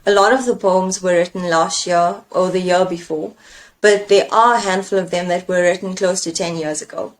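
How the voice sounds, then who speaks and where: A woman's voice: on the low side, steady tone, moderate pace. Thoughtful woman poet, searching and reflective. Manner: thoughtful, searching, with fillers and self-questioning. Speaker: poet and engineer, coaching guest. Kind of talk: reflective conversation.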